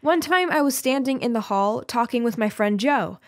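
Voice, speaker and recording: A woman's voice: a little high, expressive, moderate pace. Young woman narrating a teen story. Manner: chatty teen-girl storytelling. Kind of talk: scripted first-person narration of an animated story.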